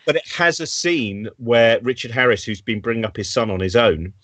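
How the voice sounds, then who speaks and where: A man's voice: medium pitch, moderate pace, fairly bright tone, no room sound. A man hosting a casual chat over a video call from home, rambling and enthusiastic. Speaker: host.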